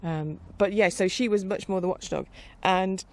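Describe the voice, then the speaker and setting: A middle-aged woman chatting in a loose, meandering way, often restarting her sentences and breaking into laughter. Her voice has a gravelly, creaky texture, sitting at an ordinary middle pitch. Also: fairly even intonation, normal speed. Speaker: podcast host. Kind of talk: casual rambling monologue.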